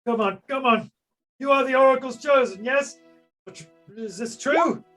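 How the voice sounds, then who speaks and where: A game master voicing a drunken, blustering middle-aged king who talks in a raised, gruff, jovial way. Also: high voice, moderate pace, a bit bright, faint music behind, pitched above the performer's own voice. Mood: commanding.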